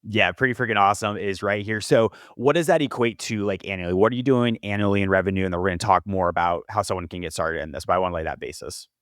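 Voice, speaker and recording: A male podcast host asks his guest questions in a casual, upbeat way. His voice is on the low side and moves at a quick clip, recorded dry and close. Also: fairly bright tone, no room sound. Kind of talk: podcast interview.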